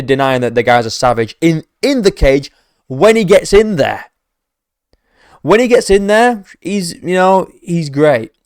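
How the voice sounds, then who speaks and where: Male MMA reaction host, mocking and sarcastic, swears freely, mid-pitched voice, dry close recording. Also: dry recording. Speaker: MMA commentator reacting to a trailer. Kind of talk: profane reaction commentary.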